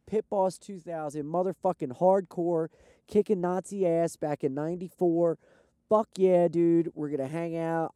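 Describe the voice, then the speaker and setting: A man, a touring stand-up comic, chatting casually and rambling with lots of swearing and excitement while sitting in his parked car. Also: mid-range voice, creaky, dry recording, studio quality. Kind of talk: casual vlog chat.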